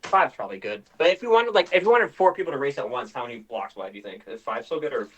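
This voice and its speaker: A man's voice: mid-range voice, expressive, fast, fairly bright tone, breathy edge. A young man hosting a casual stream chat, joking with slang and laughing often. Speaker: streamer host.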